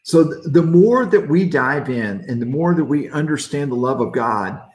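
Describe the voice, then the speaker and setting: A man's voice: fairly high pitch, expressive, normal speed, roomy sound. A middle-aged man giving a casual midweek devotional as a pastor, joking in a folksy way and reading out viewer comments.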